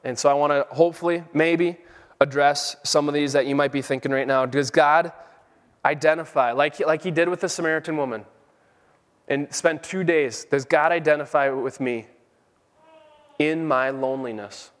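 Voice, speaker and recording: A man's voice: a little high, moderate pace. A middle-aged man preaching a sermon with fervent, emphatic peaks. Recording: long hall reverb.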